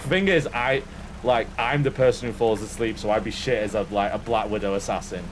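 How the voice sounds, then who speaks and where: A man's voice: lowish voice, a little fast, a little hiss or hum. A man chatting playfully on a game stream, greeting viewers and swearing freely. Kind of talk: casual gaming stream chat.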